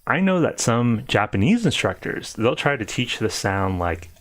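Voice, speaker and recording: A man teaching English pronunciation on a livestream, patiently explaining and repeating example words slowly. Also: medium pitch, very animated.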